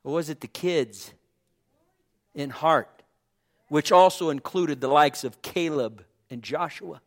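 A male pastor's impassioned sermon rises to loud calls and falls to hushed whispers, with repeated phrases and cries of amen. He speaks at a slow pace in a voice on the high side.

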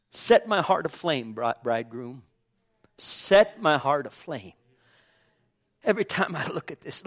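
A male pastor preaching a sermon with passion, swinging from loud calls to hushed whispers and repeating phrases with cries of amen. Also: fairly high pitch.

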